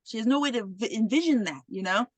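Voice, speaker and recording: Woman, podcast host, animated casual recap, profanity, dry close sound. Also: on the high side, fast, dry recording. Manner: animated retelling with swearing and acted quotes.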